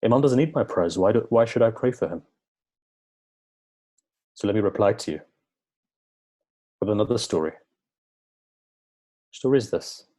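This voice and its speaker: This speaker at a religious gathering preaches a sermon full of stories, voicing quoted dialogue and stressing points earnestly and repetitively. He sounds fairly low and dark-toned, animated, at normal speed with frequent pauses.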